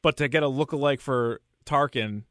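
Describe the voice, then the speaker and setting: A man's voice: medium pitch, normal speed, fairly bright tone, no echo, clean studio sound. A man co-hosting a casual movie discussion podcast, chatty and laughing often as he leads the questions. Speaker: podcast co-host.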